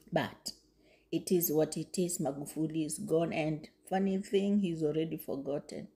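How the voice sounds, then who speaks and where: A woman's voice: low-pitched, steady tone, takes it slowly, long pauses, dark tone. A woman giving casual commentary to camera, emphatic and repeating herself, with frequent exclamations. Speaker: video commentator.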